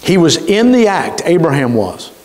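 A man pastor, preaching a sermon with emphatic delivery and slowly stretched key words. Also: a little high, big pitch swings, darkish tone. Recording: reverberant church hall.

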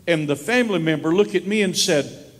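A man preaching a sermon as a pastor, telling stories and moving from hushed, slow lines to raised ones. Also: high voice, long reverb tail. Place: church sanctuary.

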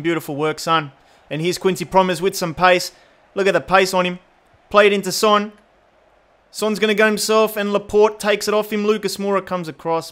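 A man giving casual, chatty commentary over his own football game, often exasperated and getting excited at big chances. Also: a little high, clean tone. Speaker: gaming YouTuber.

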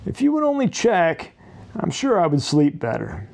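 Man voicing a nervous storybook kid: high, lively, anxious pleading. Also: normal speed, gravelly, heavily acted. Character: jittery male storybook character afraid of monsters.

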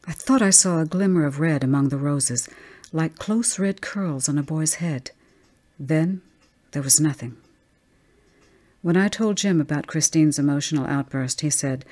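A woman reading a ghost story aloud as an audiobook narrator, measured and tense. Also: deep voice, a little mellow.

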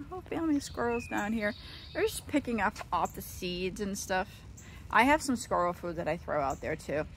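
Chatty middle-aged woman with lively pitch. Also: slight background noise. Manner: chatty, talking to her cat and viewers. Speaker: vlogger. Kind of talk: casual vlog chat. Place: outdoors in a backyard.

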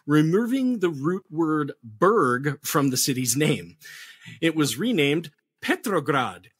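A man with a husky voice telling history as a podcast guest, animated and jokey with playful asides. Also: on the high side, no echo. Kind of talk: casual podcast chat.

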